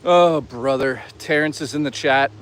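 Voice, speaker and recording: A man's voice: medium pitch, normal speed, a bit bright. A man live-streaming outdoors, chatting casually, swearing freely and reading out chat. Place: outdoors on an urban trail.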